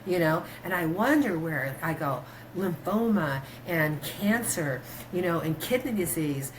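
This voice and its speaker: Lady doctor chatting, lower-pitched voice, keeps restarting, noisy background. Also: unhurried. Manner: rambling storytelling with many fillers and restarts; animated, pitch jumps when quoting herself. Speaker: guest, doctor. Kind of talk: casual conversational interview.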